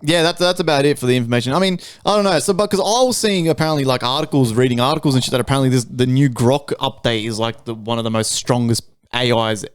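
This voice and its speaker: This is a podcast co-host who reads out news and then comments bluntly, swearing as he goes. His voice is smooth and resonant. It is recorded close, with a dry sound. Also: mid-range voice, quick pace, hardly any pauses, no echo. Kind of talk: casual chat, reading news aloud.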